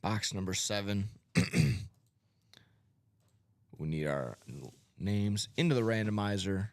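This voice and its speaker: Male host of a live card break with a lowish, upbeat voice and a catchphrase-heavy, casual delivery. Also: slow pace, no echo. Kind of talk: casual live-stream banter. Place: card break room studio.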